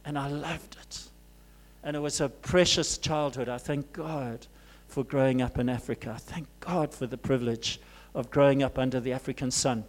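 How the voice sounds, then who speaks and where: A man preaching a sermon to his congregation as pastor, grew up in Zimbabwe, swinging from loud urgent cries to soft hushed asides. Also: medium pitch, steady tone, normal speed.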